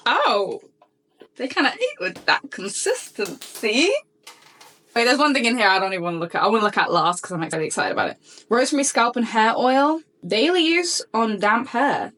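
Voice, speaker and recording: A young woman vlogger talks straight to her viewers in a casual unboxing chat. Her voice sits a little high, and she gushes with excitement in quick, eager bursts. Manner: gushing, excitable, fast bursts of chatter. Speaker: beauty vlogger.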